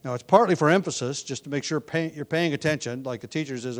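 A man preaching an expository sermon, reading scripture with rising emphasis and adding conversational asides. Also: fast talker. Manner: emphatic, rises in pitch and volume when reading scripture; conversational asides with restarts and light laughs.

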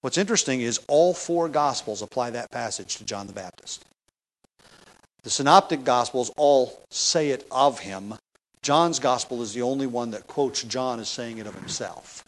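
A man's voice: medium pitch, lively intonation, normal speed. A man teaching a Bible passage in a conversational sermon, with restarts and rhetorical questions. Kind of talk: expository sermon.

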